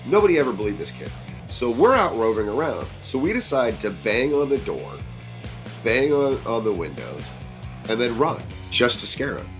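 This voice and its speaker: A middle-aged man casually recounting a true story from his teen years as a podcast guest, lively and acting out other people's lines. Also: medium pitch, normal speed, faint music behind.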